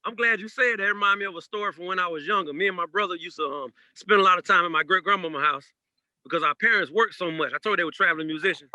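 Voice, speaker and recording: A man, a DJ and a father, telling personal stories in a casual podcast chat, animated and laughing as he goes. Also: sits high, very fast, no room sound, poor audio. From Georgia, USA. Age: adult parent. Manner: animated storyteller, laughs through anecdotes. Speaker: guest DJ.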